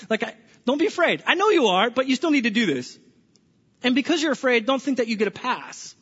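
Talking fast in a very high-pitched, animated voice with a fairly bright tone, a pastor who oversees small groups preaches conversationally to a church hall crowd. He keeps restarting words and asking the audience questions, all captured in an echoey hall with dull lo-fi sound.

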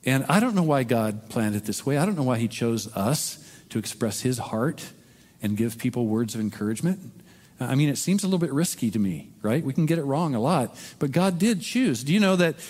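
A man's voice: medium pitch, sing-song, a little fast, darkish tone. Earnest male pastor, reverberant hall. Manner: chatty and earnest, asks "right?" often, tells personal stories. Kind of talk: conversational sermon. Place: church service.

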